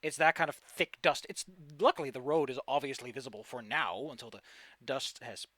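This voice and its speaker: A man's voice: mid-range voice, a little fast, a bit bright, dry recording. A man running a tabletop game as game master, narrating with theatrical flair and teasing the players.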